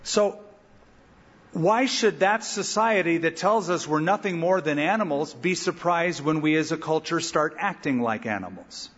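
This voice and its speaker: Middle-aged male pastor, emphatic preacher, slightly husky, raised pitch, lo-fi sanctuary recording with long echo. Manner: animated, emphatic preaching with dramatic pauses and asides. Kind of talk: verse-by-verse sermon with closing prayer. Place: large church sanctuary. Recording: dull lo-fi recording with long hall reverb.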